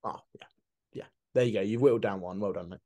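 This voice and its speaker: A man's voice: lowish voice, quick pace, mellow. A man co-hosting a casual podcast, joking, laughing often and quizzing his co-host with trivia. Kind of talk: casual chat.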